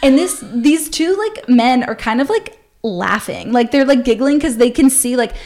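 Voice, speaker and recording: Animated, profane young woman telling a story. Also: high voice, normal speed. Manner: animated, profane, acts out quoted voices. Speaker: podcast host. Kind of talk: casual storytelling.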